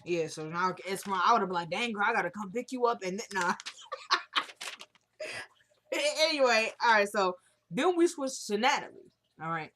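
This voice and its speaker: A woman's voice: mid-range voice, lively intonation, normal speed, long pauses, fairly bright tone, a little hiss or hum. A woman casually recapping a TV drama episode, chatting and acting out the characters' lines as she retells them.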